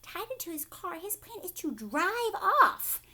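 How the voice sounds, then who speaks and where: A teacher reading a picture book aloud to children, pausing to ask her young listeners questions. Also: very high-pitched. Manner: animated, talks to young listeners.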